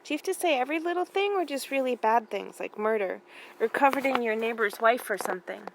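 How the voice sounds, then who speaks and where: A woman's voice: on the high side, animated, fast talker, noisy background. A woman reading as a chatty, curious teen girl.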